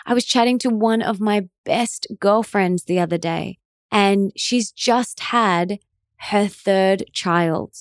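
Woman in her thirties, mid-pitched; earnest, encouraging podcast host, intimate and dry. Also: takes it slowly, clear, resonant tone, dry recording. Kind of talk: motivational monologue.

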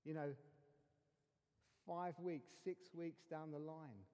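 A man preaching a sermon as a pastor, telling a personal story earnestly and dropping to hushed tones for emphasis. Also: on the high side, slow pace, clear, resonant tone. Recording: long hall reverb.

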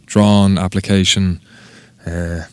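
Low-voiced Irish man, dry close sound. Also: takes it slowly, clear, resonant tone, no echo. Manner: swears freely, rambling and animated. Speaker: tattoo artist guest. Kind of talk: casual podcast interview storytelling.

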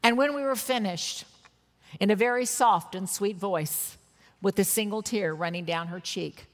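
A woman's voice: medium pitch, a little slow. Woman preaching in a reverberant hall. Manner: earnest storytelling, emphatic bursts. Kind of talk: sermon with personal stories. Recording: long reverb of a large hall.

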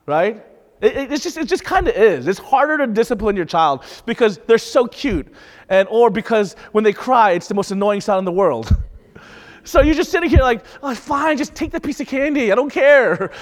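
A man's voice: high-pitched, long reverb tail. A young man preaching a sermon in a conversational way, with rhetorical questions and light laughs. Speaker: pastor.

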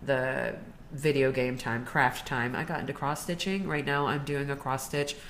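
A woman's voice: rumbling low, moderate pace, a little hiss or hum. A woman co-hosting a podcast, talking casually and animatedly about self-care and TV shows. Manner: chatty, animated storytelling with laughs. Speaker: podcast co-host. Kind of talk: casual chat.

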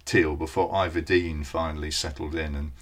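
A man's voice: very deep voice, steady tone, normal speed. A man co-hosting a podcast, chatting casually in a knowledgeable, matter-of-fact way. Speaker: podcast co-host. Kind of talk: casual chat about old television.

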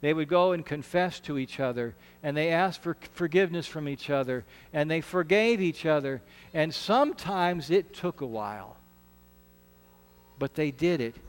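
High-voiced pastor preaching in a hall. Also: male voice, animated, moderate pace. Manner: earnest, conversational preaching with repeated restarts. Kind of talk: sermon. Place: church sanctuary.

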